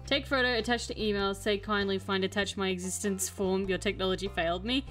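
A woman's voice: medium pitch, fairly even intonation, brisk, fairly bright tone, soft background music. A young woman chatting casually while streaming a game, telling an exasperated story. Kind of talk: casual gameplay chat.

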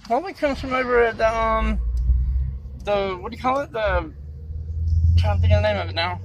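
Hesitant man with a high voice. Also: muffled recording, a little hiss or hum. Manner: hesitant, halting, searching for words. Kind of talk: casual chat.

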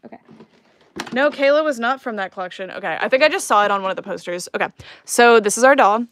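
A woman's voice: on the high side, animated, fairly quick, fairly bright tone, a little hiss or hum. A young woman chatting casually on a live stream at home as she unboxes dolls, rambling and giggling with lots of fillers. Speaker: doll collector livestreaming an unboxing. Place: home room.

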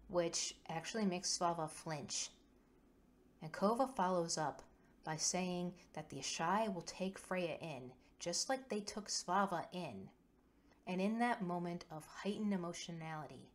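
A woman narrating a tabletop game story in an earnest, detailed way. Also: on the low side.

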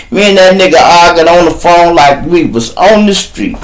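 A man in his fifties with a Chicago accent, hosting a casual live-stream monologue, rambling and profane, breaking into shouted mimicry of others. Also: on the high side, expressive, normal speed, hardly any pauses, low-quality recording. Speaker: live show host.

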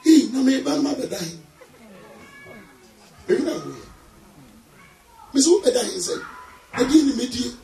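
A man with a Ghanaian accent preaching an emphatic sermon, calling for amens and shouting. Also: very high voice, animated, unhurried, vocal fry, long pauses. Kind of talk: sermon mixing English and Twi. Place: church hall with congregation. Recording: roomy, far from mic, music and crowd. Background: music and congregation.

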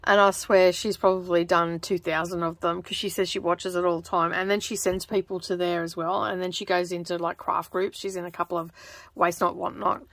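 An Australian woman chatting casually as she stitches, rambling and laughing often, keeping her voice lowered toward a close microphone in her home craft studio. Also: flat delivery, brisk, a bit bright, no echo. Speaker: craft vlogger. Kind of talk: casual chat while stitching. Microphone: close microphone in front of her.

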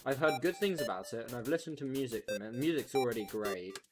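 A game streamer giving chatty, excitable, self-mocking commentary on a first playthrough. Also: mid-range voice, quick pace. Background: game music.

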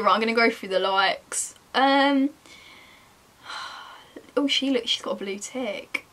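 A woman's voice: fairly high pitch, unhurried, pushed and bright. A young woman, chatting casually to herself and her viewers while browsing online shops, self-mocking and talkative. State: chilly, wrapped in a jacket. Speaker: vlogger. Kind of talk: casual shopping vlog chat.

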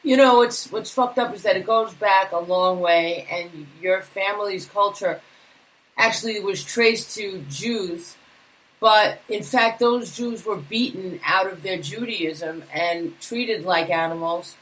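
A woman's voice: mid-range voice, slow, fairly bright tone, poor audio. A woman co-hosting a live talk show beside her husband, venting bluntly and indignantly. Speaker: co-host, host's wife. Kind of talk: casual live talk radio.

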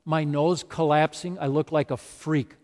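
A man's voice: fairly high pitch, steady tone, a little slow, a little mellow, natural voice. A man voicing a desperate, diseased leper man who asks bitter, incredulous questions. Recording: long reverb of a large hall.

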